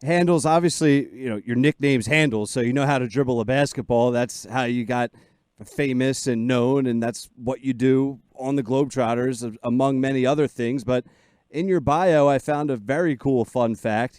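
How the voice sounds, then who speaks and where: A man's voice: mid-range voice, darkish tone, dry recording, clean studio sound. A man co-hosting a sports radio show, asking questions in an enthusiastic, conversational way. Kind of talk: casual radio interview.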